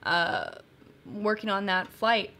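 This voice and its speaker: Bright, chatty woman co-hosting a live stream. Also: mid-range voice, very animated, slow pace. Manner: chatty, emotional, giggly. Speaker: co-host. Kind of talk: casual chat on a live stream.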